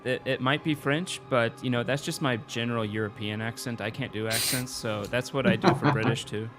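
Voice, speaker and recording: A man's voice: mid-range voice, a little fast, over loud music. A man running a tabletop game as game master, joking about himself in casual banter. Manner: self-deprecating, joking.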